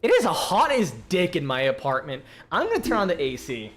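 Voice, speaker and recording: A male streamer chats casually while gaming, rambling through stories and swearing freely. His voice sits a little high for a man. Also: huge pitch swings, brisk, a bit bright. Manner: rambling, swearing, laughing storyteller.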